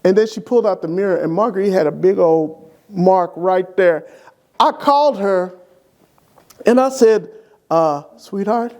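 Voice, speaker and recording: High-voiced deacon telling fond stories. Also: male voice, moderate pace, pauses often. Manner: lively, animated anecdote telling to an interviewer. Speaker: church deacon. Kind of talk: humorous memorial storytelling.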